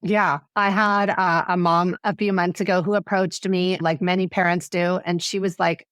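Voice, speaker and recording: A woman's voice: fairly low pitch, little pitch movement, normal speed, few pauses, fairly bright tone, no room sound, studio quality. A woman guest on an interview podcast, an education advocate who tells stories animatedly and acts out the voices of the people she quotes. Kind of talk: interview storytelling.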